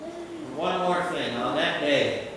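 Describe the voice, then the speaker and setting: A male pastor giving a sermon, preaching slowly and emphatically with dramatic pauses. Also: a little high, wildly swooping pitch, noisy background. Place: church sanctuary. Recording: distant mic in a reverberant church.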